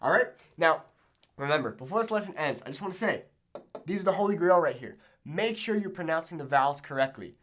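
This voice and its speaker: A young man with a Mexican Spanish accent teaches pronunciation in an upbeat video lesson. His voice sits a little high and swings widely in pitch. He keeps checking in with the viewer, tagging "okay?" onto nearly every point. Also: fairly quick, slight background noise. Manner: animated, checks in with frequent "okay?".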